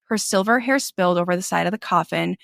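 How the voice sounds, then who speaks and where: A woman's voice: on the low side, quick pace, vocal fry, no echo. Chatty young woman, dry close sound. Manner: chatty, filler-heavy, animated retelling. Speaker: podcast co-host. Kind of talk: casual book discussion.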